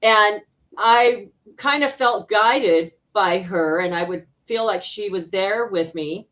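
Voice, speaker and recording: A middle-aged woman from Arizona, an interview guest and healer, telling personal stories in a casual, animated way with frequent laughter. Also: mid-range voice, slow pace. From Arizona, USA.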